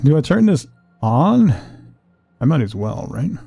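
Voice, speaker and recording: A young man streaming a game and chatting with his viewers in a relaxed, rambling way. His voice is mellow and dark, with a gravelly fry. The sound is close and dry, with no room around it. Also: fairly high pitch, a little slow, no room sound, soft background music. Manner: relaxed, rambling, talks to chat. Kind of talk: casual livestream chat while gaming.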